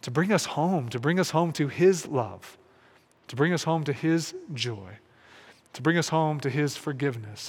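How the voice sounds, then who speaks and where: A man giving a reflective, earnest sermon, often restarting phrases and slowing into soft, quiet pauses. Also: a little high, slightly rough, long reverb tail. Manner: earnest and searching, with many restarts and slow, softened pauses. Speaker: pastor.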